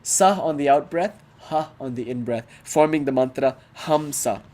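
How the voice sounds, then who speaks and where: A man's voice: on the high side, moderate pace, darkish tone. Playful man giving a philosophy talk. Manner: playful, joking asides, emphatic. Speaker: philosophy teacher. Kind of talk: casual spoken lecture.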